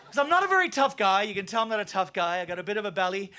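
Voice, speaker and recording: A brash, profane Canadian man doing stand-up comedy and compering on a club stage, shouting his punchlines. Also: high voice, rapid-fire, few pauses, noisy background.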